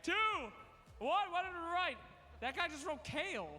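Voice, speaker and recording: A man's voice: very high-pitched, animated, normal speed, sharp tone. A man hosting a live trivia contest on stage, playful and teasing as he counts down answers. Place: large event hall. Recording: long arena reverb.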